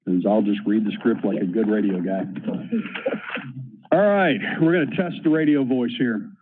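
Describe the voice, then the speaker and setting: A man's voice: fairly low pitch, normal speed, noisy background. A man chairing a city council committee meeting, running votes and reading agenda items in a rattling list. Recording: tinny phone-like meeting audio.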